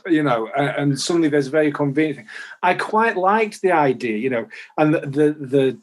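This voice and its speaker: A man talking on a casual podcast, halting and thinking aloud with many restarts. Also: fairly high pitch, expressive. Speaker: podcast guest. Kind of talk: casual chat.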